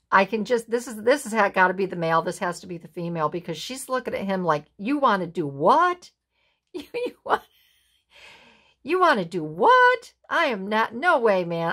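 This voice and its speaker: A woman crafter doing an unboxing, gushing admiringly and filling pauses with fillers. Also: fairly low pitch, a bit bright. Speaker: craft vlogger. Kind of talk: unboxing show-and-tell.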